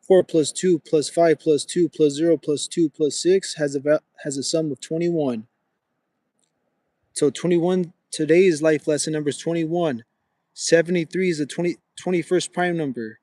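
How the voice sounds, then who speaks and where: A young man hosts a casual livestream while walking with a gimbal, chatting with his viewers and calling them bro often. His voice is fairly high and warm, at normal speed, in a dry recording.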